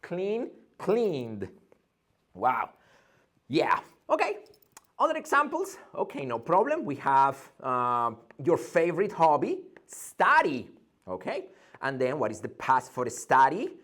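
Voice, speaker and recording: A man's voice: fairly high pitch, huge pitch swings, unhurried, fairly bright tone. A man teaching an English pronunciation lesson, drilling sounds by repeating them and asking and answering his own questions.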